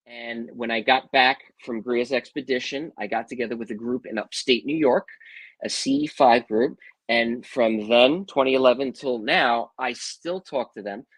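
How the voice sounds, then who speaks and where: A middle-aged man talks at an ordinary pitch and tells his stories in a loose, chatty way. He sounds animated and drops in "bro" and "man". The recording is dry and close, with no room sound. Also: moderate pace, dry recording, low-quality recording. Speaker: interview guest, psychic medium. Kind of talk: casual storytelling.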